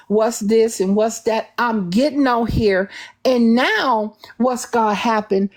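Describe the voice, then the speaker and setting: A woman's voice: on the high side, a little mellow. A woman hosting a live-streamed call-in show who talks with sassy, confrontational emphasis. She repeats herself and restarts sentences often, and she refers to herself in the third person. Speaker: livestream host taking callers.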